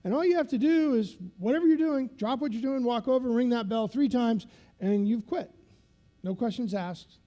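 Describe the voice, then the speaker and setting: A man giving a conference keynote, telling a story in an animated, dramatic way. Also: extremely high pitch, moderate pace. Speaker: keynote speaker. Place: conference stage.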